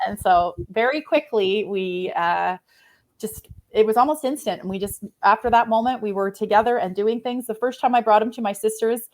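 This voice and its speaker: A woman's voice: medium pitch, moderate pace. A woman in her forties hosting a live online interview, talking in an effusive, heartfelt way. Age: 40s. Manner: effusive, heartfelt, openly emotional. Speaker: host.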